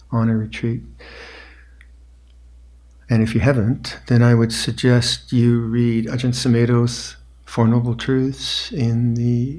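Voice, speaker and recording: Older man giving slow meditation instructions. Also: mid-range voice, a little mellow. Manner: slow, reflective, with pauses and restarts. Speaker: meditation teacher. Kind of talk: dharma talk with meditation instructions. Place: retreat meditation hall.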